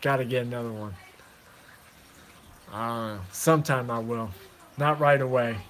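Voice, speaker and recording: A man chatting casually to viewers about his fish in a relaxed, rambling way, talking into a phone and calling everyone man and dude. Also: mid-range voice, measured pace, a little hiss or hum. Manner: laid-back, rambling, calls listeners man and dude. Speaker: aquarium hobbyist vlogger.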